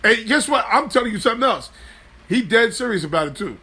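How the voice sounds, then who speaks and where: A man hosting a live sports talk show, animated, joking loosely and swearing freely. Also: high voice, fast talker, husky. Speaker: host.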